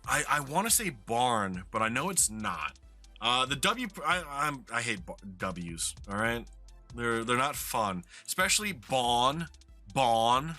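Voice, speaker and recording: A man's voice: medium pitch, big pitch swings, unhurried, sharp tone, faint music behind. A man from New York with a New York accent, chatting casually and swearing now and then while commenting on a geography game he plays. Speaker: streamer playing a geography game.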